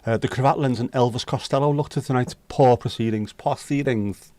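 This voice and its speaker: Hosting a virtual pub livestream, this man chats and jokes with viewers while reading their comments, bantering easily with chat. His mid-range voice moves fast with fairly even intonation and a darkish tone. The recording has no room sound.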